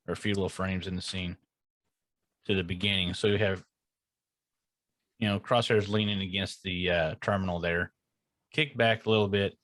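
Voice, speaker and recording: A man's voice: sits low, fairly even intonation, moderate pace, long pauses, fairly bright tone, no room sound. A man co-hosting a podcast, chatting casually and musing aloud as he searches for names. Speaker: podcast co-host.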